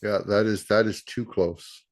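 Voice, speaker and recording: A man speaks in a somewhat low voice as a guest in a casual live conversation. He explains patiently, but he trips over his words and repeats them as he goes. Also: fairly even intonation, measured pace. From Canada.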